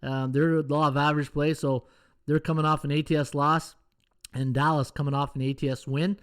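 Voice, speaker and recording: A man's voice: on the high side, little pitch movement, brisk, smooth. A middle-aged man, hosting a casual live-stream betting show, rambling and joking with chat viewers. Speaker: podcast host, sports handicapper.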